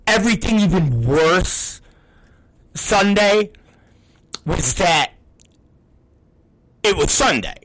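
Profane ranting middle-aged man, swooping pitch. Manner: profane, ranting, bursts into shouting. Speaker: wrestling promoter. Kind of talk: ranting podcast talk.

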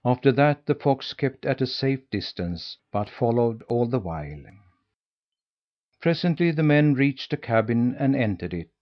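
A man's voice: mid-range voice, big pitch swings, a little slow. Man reading a storybook, lo-fi. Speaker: audiobook narrator. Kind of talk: scripted storybook narration.

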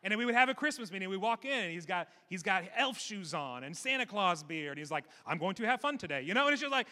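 Bright, forceful young man preaching to a congregation, joking and repeating his main points with rising energy. His voice rings with the long reverb of a large church hall. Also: high-pitched, animated, quick pace. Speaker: pastor. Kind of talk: sermon. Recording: echoey hall.

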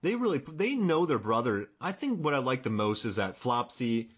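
Animated husky-voiced man chatting. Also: mid-range voice, moderate pace, dull audio. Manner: animated, laughs often, quotes scenes in funny voices. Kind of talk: casual chat about a film.

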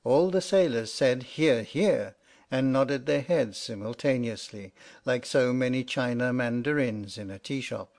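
A man reads a storybook aloud in a steady, wry narrating voice. His pitch sits in an ordinary middle range for a man, and his delivery is even and well paced. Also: moderate pace. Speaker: audiobook narrator. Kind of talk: scripted narration.

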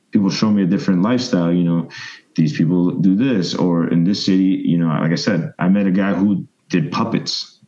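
A man in his thirties, a guest telling long, animated stories and acting out other people's voices. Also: deep voice, highs cut off. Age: 30s. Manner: rambling, animated storyteller, mimics voices. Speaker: interview guest. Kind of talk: casual storytelling interview.

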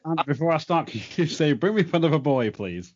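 Relaxed young man in casual chat. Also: fairly high pitch, a little fast, dull audio. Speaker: podcast co-host.

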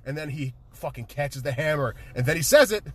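A man casually retelling a movie with excitement, swearing freely and laughing often. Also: fairly high pitch, a little fast, husky. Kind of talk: casual chat, movie recap.

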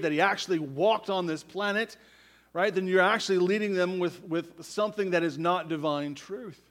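A man preaching a sermon as pastor, emphatic, tossing in "right?" asides and swinging from loud declarations to near-quiet. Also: sits high.

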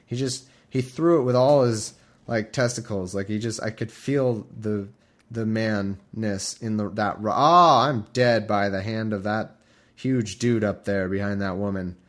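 A man voicing a dying ancient warlord who frantically blames someone else, in an exaggerated high voice. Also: a little slow, natural voice. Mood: flustered.

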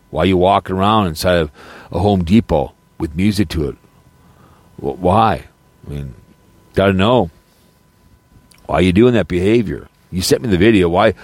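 A male streamer ranting in a monologue, firing repeated accusatory rhetorical questions. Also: on the low side. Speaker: streamer and podcast host.

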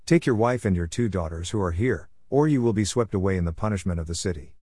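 A man's voice: low voice, animated, fast talker, warm tone, no room sound, clean studio sound. A man reading as stern urgent messengers. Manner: urgent, commanding. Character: stern male messengers giving commands.

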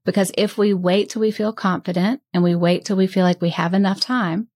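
A woman coach speaks in a candid, heartfelt interview voice, openly sincere. Her pitch sits in an ordinary middle range. The sound is dry and close, with no room around her. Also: fairly even intonation, brisk, dry recording. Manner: earnest and heartfelt, with soft laughs. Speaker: podcast host and business coach.

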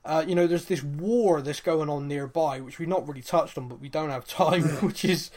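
A man co-hosting a casual podcast, talking through a series in a loose, rambling way. His voice sits a little high, and he fills his retelling with ums and quoted lines. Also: normal speed. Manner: animated, rambling retelling with fillers and acted-out quotes. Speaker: podcast co-host. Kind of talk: casual chat recapping a TV series.

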